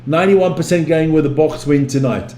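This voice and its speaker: A man's voice: a little high, a little fast, mellow. A man casually chatting on a live stream, rambling, repeating himself and swearing freely as he reads viewer comments. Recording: echoey room with faint ambient noise.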